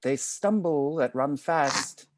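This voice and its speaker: A man reading the part of a wise friar counselling a young man, in a measured, advising way, during a cold read over a video call. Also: on the high side, noisy background. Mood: chiding. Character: wise, patient male friar counselling a youth. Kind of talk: cold read of a stage play.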